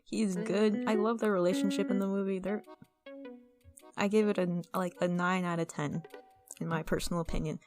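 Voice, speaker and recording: A young woman talking casually and excitably as she vlogs over a speedpaint, rambling with restarts and asides. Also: lowish voice, normal speed, faint music behind. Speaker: artist vlogger.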